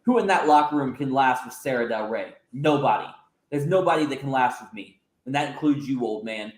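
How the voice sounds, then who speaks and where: A man's voice: medium pitch, animated, brisk, close to an everyday voice. A man voicing an arrogant, boastful female wrestling champion who taunts her rivals. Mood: gloating. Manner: haughty, taunting. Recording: roomy echo.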